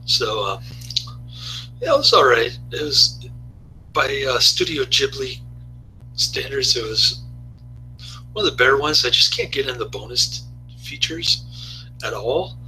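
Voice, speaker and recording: Slow, laid-back man with a bright tone. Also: mid-range voice, very animated, soft background music, rough recording. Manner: rambling, laid-back, chuckles often. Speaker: video reviewer. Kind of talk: casual spoken review.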